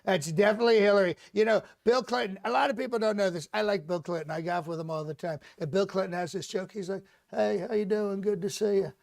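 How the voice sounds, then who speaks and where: A man's voice: high voice, steady tone, quick pace, gravelly, few pauses. A man doing a comic impression of a boastful, rambling older male president, repeating himself as he brags. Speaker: comedian doing a live mock press conference.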